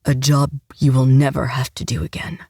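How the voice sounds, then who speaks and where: A woman voicing a commanding, protective male enforcer who speaks in a measured, formal way for an audiobook. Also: low-pitched, a little mellow, no echo, clean studio sound. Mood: calm, firm. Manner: measured, formal, unhurried speech. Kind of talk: audiobook narration.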